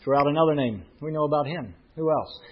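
A man's voice: fairly high pitch, quick pace. A man preaching a sermon as a pastor, telling a story and acting out the voices of the people in it. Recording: muffled lo-fi recording.

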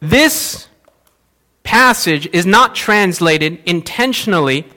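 A male pastor preaching a sermon, telling a Bible story in an animated way and acting out the characters. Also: high-pitched, takes it slowly.

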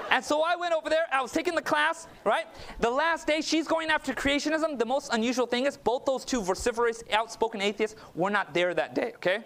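Guy preaching, real high voice, telling a story casual style, lots of "okay?". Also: a little fast, sharp tone. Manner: anecdotal, conversational, with frequent "okay?" asides. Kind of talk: storytelling sermon.

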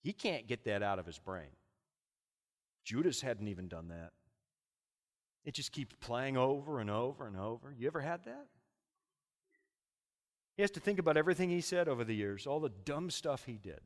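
A man's voice: medium pitch, very animated, normal speed, pauses often, big-room sound. A middle-aged man preaching a sermon with dramatic, impassioned storytelling.

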